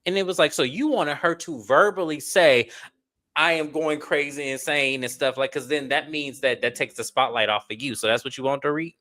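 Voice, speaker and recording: A man's voice: medium pitch, fairly quick, few pauses, fairly bright tone. A man co-hosting a casual reality TV recap, frank and opinionated as he talks it through. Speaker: show co-host.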